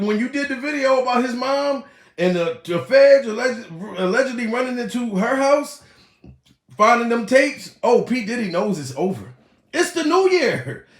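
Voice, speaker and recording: A man hosting a comedy livestream, ranting profanely, laughing often and putting on mock crying. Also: high voice. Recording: echoey room.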